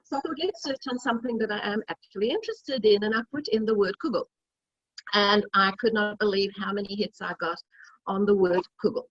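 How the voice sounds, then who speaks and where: Brisk and a bit bright, her mid-range voice carries a husky quality, and there's no room sound. She's a middle-aged woman hosting a relaxed cooking demo by video call, telling stories and chatting as she cooks, all captured in dull lo-fi audio.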